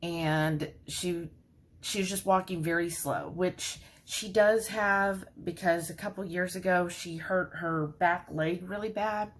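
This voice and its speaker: Lady rambling on to her viewers, kinda low voice, lots of y'all. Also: steady tone, takes it slowly, slight background noise. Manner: chatty, rambling, says "y'all" often. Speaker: vlogger. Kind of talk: casual chat.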